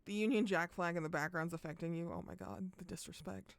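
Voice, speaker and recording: A woman's voice: lowish voice, fast talker, no room sound. A young woman streaming a game live, chatting casually with joking, profane remarks while reading the story aloud.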